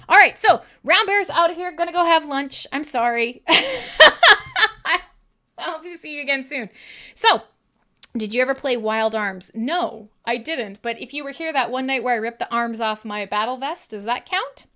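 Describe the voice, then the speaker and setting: A woman's voice: high voice, very animated, normal speed. A woman hosting a live metal radio stream, chatting casually in a rambling, irreverent way and swearing freely. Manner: talks to her dog in a soft coo. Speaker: metal radio show host.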